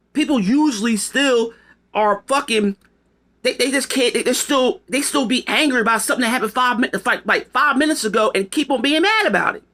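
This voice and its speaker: High-pitched guy ranting, cussing a lot, rambles, sharp bright tone. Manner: profane, rambling, emphatic. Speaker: video commentator. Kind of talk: casual opinion monologue.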